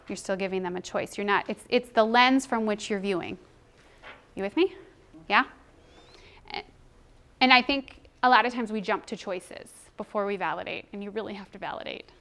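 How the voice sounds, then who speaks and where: A woman giving a conversational presentation to educators, animated and chatty, sometimes acting out children's voices. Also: on the high side, brisk. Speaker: presenter on child emotional development.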